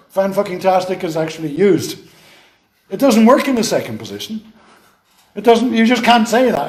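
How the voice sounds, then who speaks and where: Irish male lecturer, slightly high voice, rhetorical and playful, echoey hall. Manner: explanatory, asks rhetorical questions, playful. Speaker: university lecturer. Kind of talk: classroom lecture.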